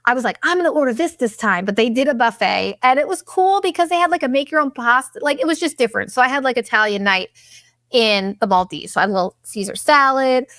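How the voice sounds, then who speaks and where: A young woman hosting a podcast, telling a vacation story in a blunt, profane, animated way and acting out what people said. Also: high-pitched, fast, dry recording, studio quality. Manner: blunt and profane, animated retelling with quoted asides. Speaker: podcast host. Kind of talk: casual storytelling monologue.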